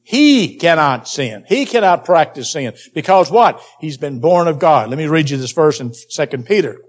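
A man's voice: fairly high pitch, lively intonation, normal speed. A man preaching a Bible teaching sermon, emphatic and repeating key phrases for stress.

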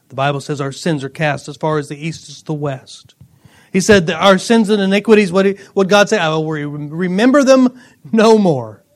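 A middle-aged pastor with a high-pitched voice preaches to his congregation. He tells personal stories in an animated way and breaks into laughter now and then.

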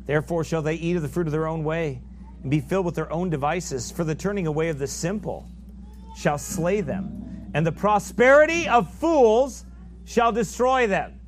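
A man preaching a sermon, fervent and emphatic, swinging from loud peaks down to low asides and reading scripture in old biblical wording. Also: moderate pace, a little hiss or hum.

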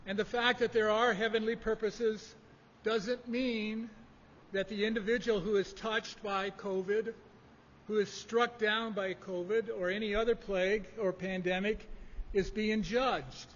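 A man preaching a sermon, measured and emphatic in delivery. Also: high-pitched, flat delivery. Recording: dull lo-fi audio in a reverberant hall.

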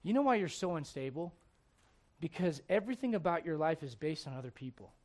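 A man's voice: on the high side, very animated, fairly quick. A male pastor preaching a sermon with emphatic storytelling and direct questions to the congregation.

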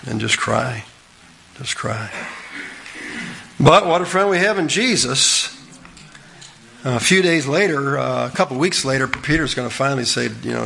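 A man's voice: mid-range voice, normal speed, creaky, a bit bright, slight background noise. A middle-aged man preaching a sermon in a folksy, earnest way, often asking the listeners questions.

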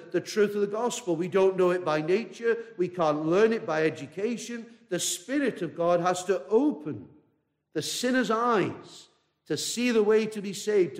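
High-voiced earnest male preacher. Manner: earnest, repetitive preaching, addresses listener directly. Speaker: pastor. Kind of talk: sermon.

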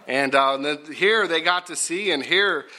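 A middle-aged man preaching a folksy sermon, repetitive and rising to loud emphatic bursts. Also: a little high, moderate pace.

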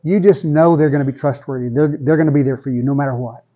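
A man's voice: mid-range voice, fast, mellow, highs cut off. A man preaching a sermon in a conversational way, often repeating words as he builds toward a point. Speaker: pastor.

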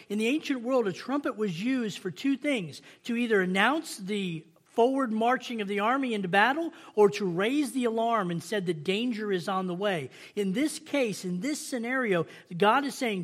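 High-voiced man preaching an impassioned sermon. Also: normal speed. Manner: impassioned preaching, acting out prayers, stammering restarts. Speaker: pastor.

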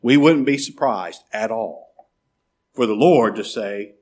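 A man preaching a sermon as pastor, asking rhetorical questions and dropping suddenly to a quiet murmur. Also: on the low side, animated, slow pace.

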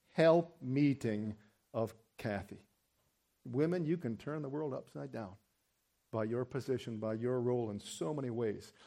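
A man's voice: medium pitch, warm tone. A middle-aged male pastor preaching a sermon with emphatic, rising peaks.

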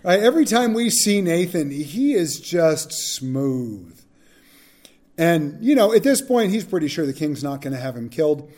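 A man's voice: a little high, very animated, unhurried, a little mellow. A man teaching a Bible study, reading verses and adding casual, frank asides.

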